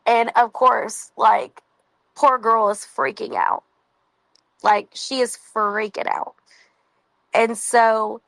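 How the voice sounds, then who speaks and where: A woman tells a story to her viewers in a loose, chatty way, with plenty of "like"s and quick asides. Her voice has a gravelly fry to it. The recording is dry and close, with no room sound. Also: mid-range voice, a bit bright, no room sound, rough recording. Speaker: vlogger. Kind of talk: casual storytelling.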